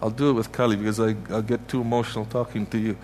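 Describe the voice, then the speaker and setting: This guest preacher from Canada races through a heartfelt sermon in a church sanctuary, emphatically repeating his points and blessing the congregation. His voice is fairly low and a little mellow, with little pitch movement. A slight hiss or hum sits in the recording.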